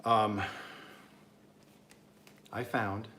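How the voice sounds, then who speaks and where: A man's voice: on the low side, level tone, very slow, bright, forceful tone, slight background noise. A man from Oklahoma chatting his way through a casual cooking vlog, rambling and amused at himself. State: talking with mouth full at times. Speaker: cooking vlogger.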